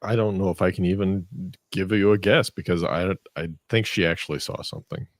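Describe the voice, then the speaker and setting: Male podcast co-host, low voice, dry close studio sound, teasing banter. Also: steady tone, no room sound. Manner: teasing, drawn-out hesitations. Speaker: co-host, economic news segment. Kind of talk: casual podcast banter and read news.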